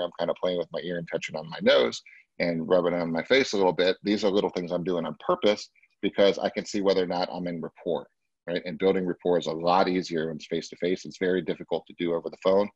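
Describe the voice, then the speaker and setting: A man with a low, husky voice runs a live sales training session, emphatic and conversational. He keeps checking in with his listeners as he explains each point. The sound is dry and a little muffled. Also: no room sound. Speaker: real estate sales trainer.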